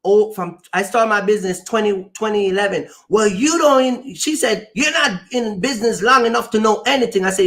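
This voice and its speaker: A man's voice: sits high, fairly quick, hardly any pauses, a bit bright. A trucking company owner hosting a chat, telling stories emphatically and acting out the arguments he quotes. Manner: emphatic, acts out quoted exchanges. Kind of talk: animated storytelling chat.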